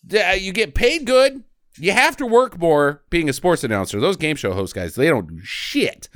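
Sarcastic man with a lively voice. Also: on the high side, moderate pace, no room sound, clean studio sound. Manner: sarcastic, jumps into quoted voices. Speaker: podcast co-host. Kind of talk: casual movie review chat.

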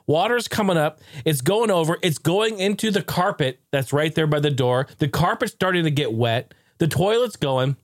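A man's voice: a little high, expressive, a little slow, no room sound, clean studio sound. A man in his forties, a gaming video host, telling a story in a casual way, laughing often and swearing now and then.

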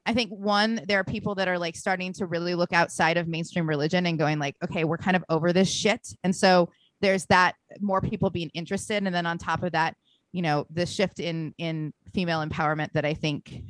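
Lower-voiced rambling woman guest, blunt. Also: no echo. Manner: rambling, filler-heavy, blunt and swears. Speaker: podcast co-host guest. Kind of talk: casual podcast chat.

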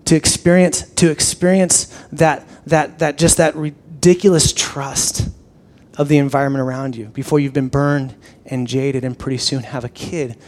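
A male pastor telling a personal story in a conversational sermon, animated, with frequent restarts and repeated words. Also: medium pitch, normal speed.

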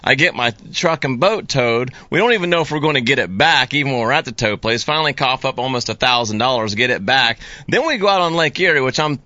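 A man's voice: medium pitch, expressive, quick pace, few pauses, pushed and bright, no echo, highs cut off. A man being interviewed as a guest about making fishing videos, talking in a laid-back, rambling way with lots of fillers. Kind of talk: casual interview chat.

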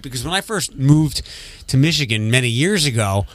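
A man's voice: mid-range voice, expressive, dry recording. A man hosting a radio morning show, chatting casually with co-hosts in a dry, blunt manner and reading promos. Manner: dry, blunt, quick to correct others. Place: radio studio. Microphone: studio microphone.

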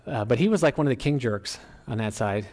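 A middle-aged man preaching a sermon as pastor, animated and emphatic, often rising in pitch and volume. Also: fairly quick. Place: church.

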